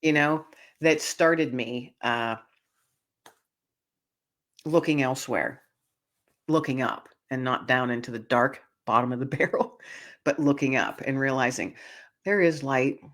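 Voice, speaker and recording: A woman's voice: extremely low pitch, a little slow, long pauses, fairly bright tone. A woman hosting a podcast, tearful and earnest as she tells a personal story and speaks directly to her listeners. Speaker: podcast host.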